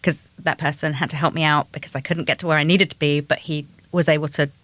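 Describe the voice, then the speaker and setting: A woman co-hosting a podcast, telling a personal story in quick, animated bursts. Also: sits low, no room sound. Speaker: podcast co-host. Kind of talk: casual chat.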